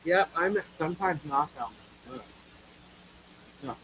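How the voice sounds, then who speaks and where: A woman's voice: low-pitched, lively intonation, slow, fairly bright tone, rough recording. New york lady on a livestream, blunt, swears a bunch, faint hiss behind. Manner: blunt, opinionated, swears casually. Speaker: livestream co-host. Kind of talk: casual live chat reacting to viewers.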